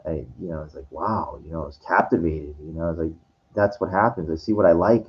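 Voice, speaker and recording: In a muffled recording, a man with a deep, warm voice vlogs a personal story as a casual monologue. He rambles and stops short often, restarting, using fillers and swearing casually.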